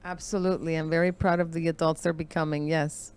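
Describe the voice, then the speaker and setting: A woman guest answering in an interview with sincere, brief replies. Her voice is smooth and resonant. It sits somewhat low. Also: flat delivery, fast talker, a little mellow. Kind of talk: interview conversation.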